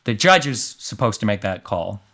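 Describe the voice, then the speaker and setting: A man's voice: on the low side, very animated, moderate pace, sharp tone. A male streamer reads a court transcript aloud and breaks off into blunt, rambling, mocking asides. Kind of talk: casual commentary reading a court transcript.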